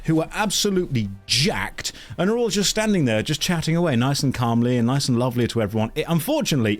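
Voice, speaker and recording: Guy on stream telling a story, dry and self-mocking, keeps restarting his sentences, voice at an ordinary middle pitch, bit of music quiet in the back. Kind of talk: casual anecdote on a live stream.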